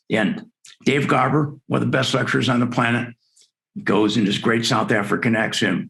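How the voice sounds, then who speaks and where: A man in his sixties speaks briskly in a mid-range, slightly bright voice with vocal fry. He is a dental lecturer giving an enthusiastic, story-filled presentation to dentists at a virtual conference, recorded over a video call.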